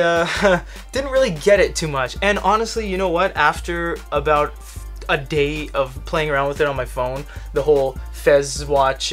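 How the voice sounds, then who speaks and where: A man's voice: a little high, a bit bright. A young man casually reviewing a gadget, rambling with lots of fillers and restarts. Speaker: tech reviewer.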